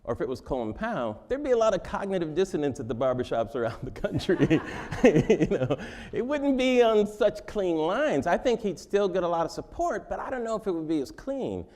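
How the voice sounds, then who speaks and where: Animated, joking man in an interview. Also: high-pitched, brisk. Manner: joking, laughs often. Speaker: interview guest. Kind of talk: conversational interview.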